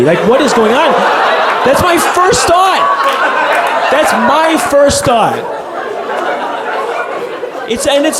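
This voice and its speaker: A young man doing a rambling, profane, self-deprecating stand-up set on a comedy stage. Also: high voice. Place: comedy stage before a live audience. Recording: live club recording with loud crowd noise.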